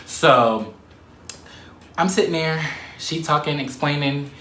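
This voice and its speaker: A man telling a story to the camera in a casual, animated way, swearing and laughing often. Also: a little high, slow, reverberant, a little hiss or hum.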